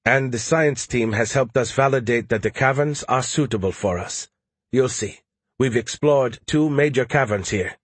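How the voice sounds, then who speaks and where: A man voicing a male officer explaining things in a steady, matter-of-fact way. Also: medium pitch, moderate pace, husky, no room sound, lightly acted.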